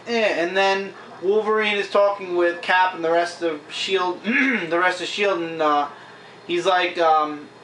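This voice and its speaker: A man's voice: fairly high pitch, a bit bright, a little hiss or hum. Chatty man reviewing comics in an echoey room. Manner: chatty, retells scenes with frequent fillers. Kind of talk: casual vlog review. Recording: echoey room, mic at a distance.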